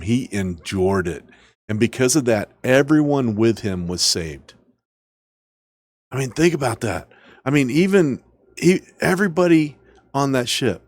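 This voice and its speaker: A man's voice: on the low side, dry recording, clean studio sound. A man preaching as a podcast host, emphatic, repeating lines and asking the listener rhetorical questions. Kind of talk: preaching sermon.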